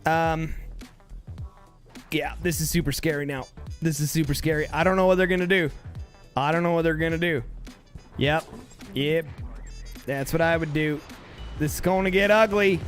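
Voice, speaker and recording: A man giving excitable play-by-play commentary on a strategy game, often repeating short calls. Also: on the high side, normal speed, pauses often, soft background music. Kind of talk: live gameplay commentary.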